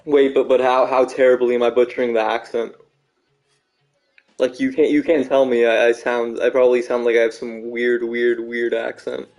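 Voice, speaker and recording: A man chatting casually while streaming a game, rambling, self-mocking, full of halting restarts. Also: medium pitch, level tone, a little mellow, faint music behind, poor audio. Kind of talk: casual gaming chat.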